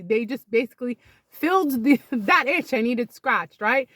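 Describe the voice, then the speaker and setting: A middle-aged woman comedian delivers a chatty, casual comic monologue, telling stories and acting out the dialogue. Her voice is high-pitched, bright and forceful, at a moderate pace, with no echo.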